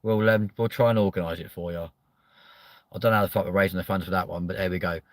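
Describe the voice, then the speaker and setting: A man's voice: deep voice, steady tone, fast, dry recording. A man hosting a comedic chat show, ranting and swearing constantly as he reacts to viewer comments. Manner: loud exasperated outbursts. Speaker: host.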